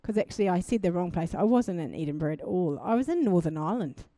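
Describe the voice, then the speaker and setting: A young woman preaching a sermon, telling a personal testimony in an animated way and building to fervent exhortation. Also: on the low side, fast, no room sound. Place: church.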